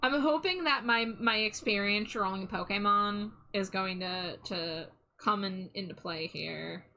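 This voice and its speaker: A woman on a live stream talks casually as she draws, her voice bright and a touch sharp. She chats and rambles, trailing off mid-sentence and poking fun at herself. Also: mid-range voice, a little slow, poor audio. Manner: chatty, self-deprecating, trailing off. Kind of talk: casual live-stream chat while drawing.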